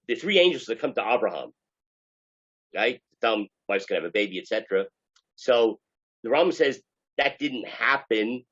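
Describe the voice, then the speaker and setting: A man's voice: medium pitch, fairly bright tone, highs cut off. A man, a rabbi, teaching a class in an emphatic way with many filler sounds and questions to the students. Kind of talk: lecture to a class.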